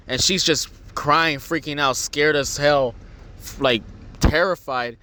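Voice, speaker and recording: His voice sits on the high side, with a sharp tone and normal speed. The young man hosts a podcast, casually telling a long, rambling story packed with swearing and acted-out voices.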